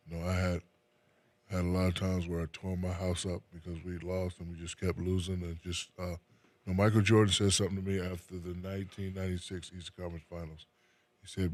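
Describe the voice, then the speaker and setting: Speaking fairly quickly in a low voice that barely shifts in pitch, this man is a retired basketball player from New Jersey. As an interview guest he's casual, relaxed and soft-spoken, frequently letting sentences trail off into fillers.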